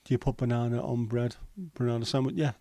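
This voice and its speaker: A middle-aged man, hosting a relaxed livestream and chatting with viewers in a jokey, rambling way. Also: mid-range voice, fast, no echo. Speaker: livestream host. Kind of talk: casual chat reading viewer comments.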